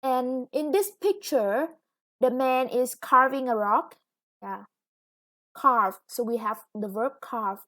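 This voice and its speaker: Slow-talking teacher with a Vietnamese accent. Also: female voice, sits high, fairly bright tone. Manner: patient, explains slowly, stretches new words, self-corrects. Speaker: English teacher. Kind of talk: recorded classroom lesson for students.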